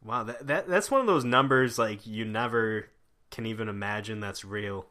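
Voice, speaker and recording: A young man talks casually with friends, his voice bright and a touch low. He rambles, restarts sentences and leans on fillers. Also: moderate pace. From United States. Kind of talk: casual chat.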